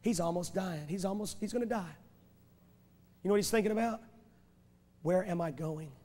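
A man's voice: sits high, moderate pace, dark tone. A man preaching a revival sermon in a church, driving home his points with rhetorical questions and repeated phrases. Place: large church sanctuary. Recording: echoey church hall from a VHS tape.

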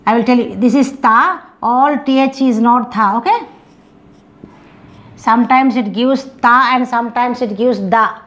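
Indian-accented woman teacher, unhurried, drills example words one by one, slightly high voice. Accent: Indian English. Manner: slow, drawn-out, repeating each word several times. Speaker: English teacher. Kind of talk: phonetics lesson with slow repeated example words.

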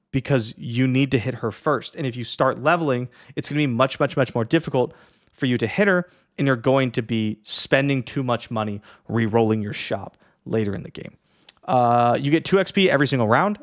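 A man casually explaining a strategy game to beginners in a chatty, lively way, with many fillers and the odd yawn. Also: mid-range voice. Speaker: streamer teaching a strategy game. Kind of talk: casual tutorial talk.

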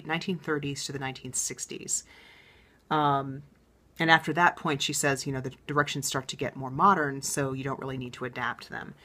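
A woman's voice: deep voice, a bit bright. A woman hosting a knitting podcast, chatting casually and enthusiastically, thinking aloud with plenty of ums and restarts. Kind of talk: casual show-and-tell chat.

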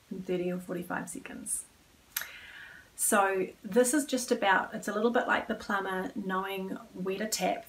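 A woman trainer calmly leading listeners through a guided movement exercise, at times dropping to a near whisper. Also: medium pitch, distant mic, poor audio. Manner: calm, coaching, drops to a near whisper at times. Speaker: wellbeing trainer.

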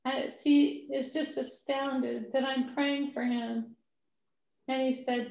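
A woman's voice: high voice, a little slow. Woman storyteller at a ministry class, acts out every voice, dull lo-fi recording with room echo. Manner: animated storyteller acting out dialogue. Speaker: ministry executive director. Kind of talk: storytelling testimony talk. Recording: echoey room, dull lo-fi sound.

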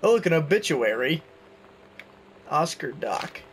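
Young man, gaming commentary, chatty, self-mocking, slightly higher voice. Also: big pitch swings, a little slow, breathy edge. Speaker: gaming YouTuber. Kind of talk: casual let's-play commentary.

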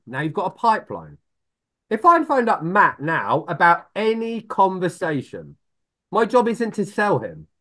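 A middle-aged man talking as a sales expert guest on a podcast, lively and blunt, acting out phone calls and swearing freely. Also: high voice. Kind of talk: animated podcast talk.

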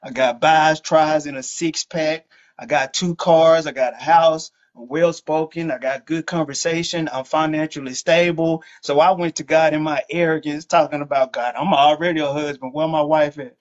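A man's voice: fairly high pitch, fairly even intonation, normal speed, lo-fi sound. A man hosting a faith podcast, chatting in a laid-back, joking, slangy way. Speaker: host.

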